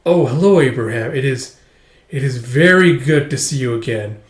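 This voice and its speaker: A man doing a calm, cryptic old space explorer. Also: medium pitch, moderate pace, echoey room, natural voice. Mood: dreamy.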